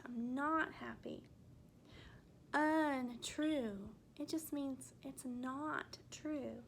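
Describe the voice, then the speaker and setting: A woman teaching a first grade phonics lesson, speaking gently and spelling out letters slowly for young children. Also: high voice, a little hiss or hum.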